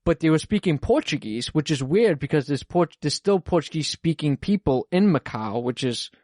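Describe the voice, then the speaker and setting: A man's voice: a little high, animated, normal speed, a little mellow, no room sound, clean studio sound. A young man, a podcast host, chatting casually in a rambling, profane way with lots of fillers. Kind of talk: casual chat.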